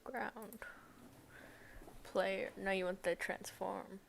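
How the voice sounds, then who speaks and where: A woman's voice: mid-range voice, steady tone, drawn-out words, gravelly, slight background noise. A woman game developer on a live stream, chatting casually as she codes, muttering questions at her code and teasing herself. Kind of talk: casual live-stream chat while coding.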